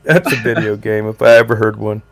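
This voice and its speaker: A man's voice: fairly low pitch, level tone, fairly quick, creaky. A man at home in a casual group chat, laughing a lot and swearing while he drawls along. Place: home in the mountains.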